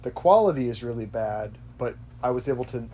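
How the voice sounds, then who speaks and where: Brisk and lively in intonation, this male podcast host has a mellow, medium-pitched voice, and a little hiss or hum can be heard. His casual talk wanders, doubles back to fix itself, and breaks easily into laughter.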